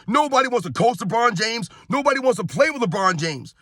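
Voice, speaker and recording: A man's voice: very high-pitched, sing-song, fairly quick, fairly bright tone, no echo, clean studio sound. A man from New York in his thirties, ranting heatedly and bluntly in sports commentary, repeating himself and calling his viewers guys.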